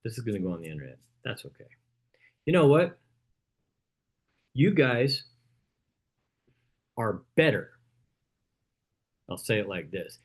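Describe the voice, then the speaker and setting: A man's voice: fairly low pitch, very animated, a little slow, long pauses. A man leading a real estate team training, coaching in a punchy way and often checking in with "okay?". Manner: coaching, punchy, repeats "okay?" after points.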